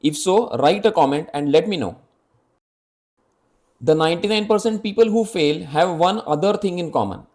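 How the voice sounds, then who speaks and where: A man's voice: high-pitched, animated, normal speed, a little mellow. A man in his fifties presenting a scripted health explainer, speaking earnestly and directly to the viewer with rhetorical questions. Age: 50s.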